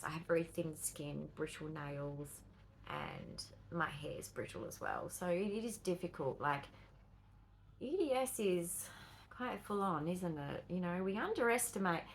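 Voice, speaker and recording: A woman's voice: on the low side, vocal fry, fairly bright tone, a little hiss or hum, poor audio. An Australian woman chatting casually to her camera as she walks around her home, rambling with fillers and asides. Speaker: vlogger. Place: at home, walking between rooms.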